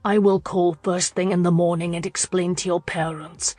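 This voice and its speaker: Lady doing a guilty young gentleman, quiet and restrained, dry close sound. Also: flat delivery, normal speed, dry recording, faint music behind, close to an everyday voice. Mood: remorseful. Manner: low, soft, restrained delivery.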